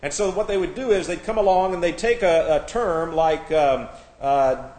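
Man, Bible class teacher, slightly high voice, spells words out, echoey room. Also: moderate pace, a little mellow. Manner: spells out words letter by letter, many restarts. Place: church classroom.

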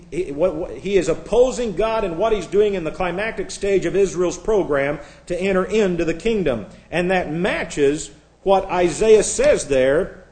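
A man's voice: high voice, a little mellow. A man teaching verse by verse from the Bible, reading scripture with rising force and adding sarcastic asides. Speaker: preacher. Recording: echoey room.

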